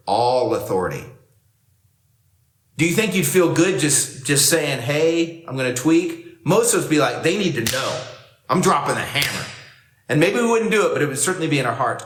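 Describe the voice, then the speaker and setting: A man's voice: mid-range voice, fairly bright tone. A man preaching a sermon to a camera for online worship, talking in a conversational way and acting out the lines he quotes. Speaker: pastor. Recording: roomy echo.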